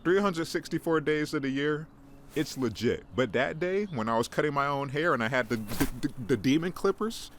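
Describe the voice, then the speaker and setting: A man's voice: fairly high pitch, expressive, normal speed, a bit bright, a little hiss or hum. A young man hosting a casual podcast monologue, rambling and self-mocking, often stammering and repeating words. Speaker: podcast host.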